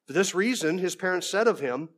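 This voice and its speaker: A man's voice: high voice, animated, fairly quick, fairly bright tone. A man preaching an expository sermon verse by verse, conversational, with folksy asides and frequent restarts.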